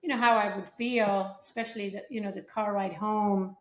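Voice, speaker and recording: A woman's voice: mid-range voice, fairly even intonation, moderate pace, a little hiss or hum. A woman from Sweden, answering interview questions modestly and with hesitant fillers. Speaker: guest, professional golfer. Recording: echoey room.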